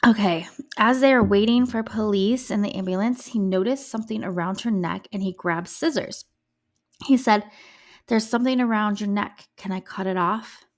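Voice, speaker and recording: A woman hosts a podcast, walking through a true-crime case in casual, animated talk full of fillers and the odd swear word. Her voice is a little scratchy and sits at an ordinary middle pitch for a woman. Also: normal speed. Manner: chatty, emphatic, with swearing and fillers. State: slightly scratchy voice. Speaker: podcast host.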